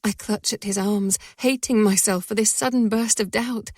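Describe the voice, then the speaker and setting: A woman narrating a first-person romance audiobook in a soft, breathy voice that often sinks to a whisper. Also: medium pitch, steady tone, moderate pace, few pauses, no echo, clean studio sound.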